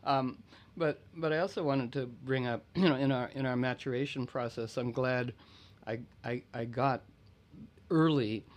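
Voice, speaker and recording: A man's voice: mid-range voice, steady tone, normal speed. Reflective man hosting a conversation. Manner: discursive, reflective, often clears throat. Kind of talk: casual conversation.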